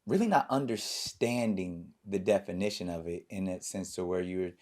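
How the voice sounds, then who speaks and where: A man in his forties hosting a casual interview, animated with bursts of laughter and halting, filler-heavy phrasing. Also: low voice. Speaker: podcast host.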